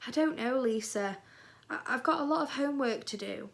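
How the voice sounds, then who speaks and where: A woman's voice: sits high, normal speed, gravelly. A woman voicing a shy, nervous twelve-year-old boy in a storybook reading, speaking hesitantly. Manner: hesitant, unsure.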